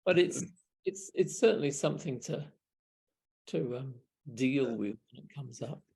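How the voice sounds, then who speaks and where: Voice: medium pitch, expressive, measured pace, gravelly, warm tone. A speaker in casual conversation, chatty and hesitant, often restarting phrases.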